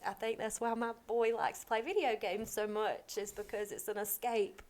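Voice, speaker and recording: A woman with a drawl speaks as a podcast guest. She tells a deeply personal story, halting often and leaning on soft fillers as she gathers herself. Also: little pitch movement. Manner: halting, with many pauses and fillers.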